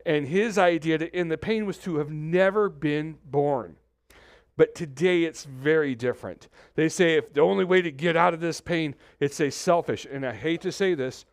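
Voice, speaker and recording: A man preaching a conversational sermon as pastor, animated, acting out quoted voices, with many restarts. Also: fairly high pitch, moderate pace, dry recording, studio quality. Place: church suite, indoors.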